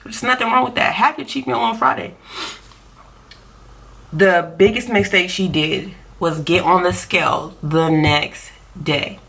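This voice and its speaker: A woman's voice: fairly low pitch, measured pace, gravelly, a bit bright. Chatty woman giving diet advice. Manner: chatty, repeats points for emphasis. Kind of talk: casual advice vlog.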